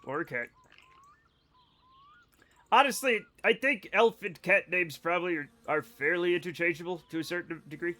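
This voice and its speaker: There's a sharp edge to this young Scottish streamer's high voice as he chats casually during a game. He talks at a moderate pace, pausing often, joking and rambling to his viewers and frequently giggling.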